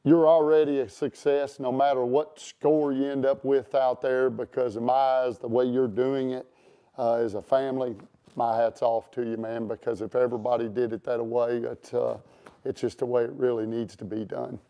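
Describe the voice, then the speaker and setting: A man hosts a casual interview and rambles through it with plenty of fillers and restarts. His voice is warm and mellow, with a smooth, clear tone. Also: medium pitch, flat delivery, normal speed. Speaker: show host.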